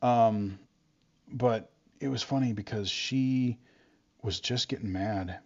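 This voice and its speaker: A man's voice: medium pitch, takes it slowly, a little mellow. A man telling stories from school in a casual, rambling way, full of fillers and restarts. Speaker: vlogger. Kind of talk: casual storytelling. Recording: dull lo-fi sound.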